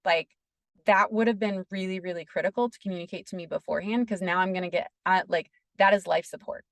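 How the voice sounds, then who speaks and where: Woman guest, interview storytelling, gravelly fry, dry close sound, earnest and chatty. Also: on the low side, steady tone, fast, dry recording. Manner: earnest, peppers speech with "like". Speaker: podcast guest.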